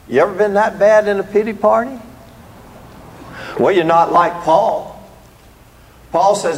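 Male preacher, high voice, animated sermon delivery, echoey hall with long reverb. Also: moderate pace. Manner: animated, rising to emphatic peaks on scripture.

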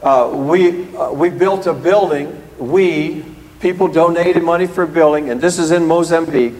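A man preaching a sermon in an animated way, rising to emphatic peaks when he reads scripture, recorded in a church. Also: fairly high pitch, normal speed. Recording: echoey hall.

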